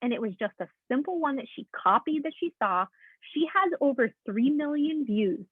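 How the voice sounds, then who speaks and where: A woman's voice: sits high, lively intonation, normal speed, no echo. A woman coaching her team on a call, chatty and encouraging, checking in with her listeners often. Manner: chatty, keeps checking in with "okay?"; encouraging, addresses listeners as "guys". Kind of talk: motivational coaching talk. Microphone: call audio. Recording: tinny, dry phone-line sound.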